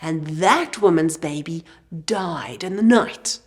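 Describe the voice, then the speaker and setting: A woman voicing an angry, mean woman who forcefully insists on her claim in a children's Bible story. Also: medium pitch, expressive, slow pace. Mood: indignant. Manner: indignant, forceful.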